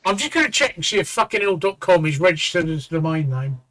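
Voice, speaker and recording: A man's voice: fairly high pitch, sing-song, fast, fairly bright tone. Blunt, sweary man. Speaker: stream host. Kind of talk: casual live-stream chat.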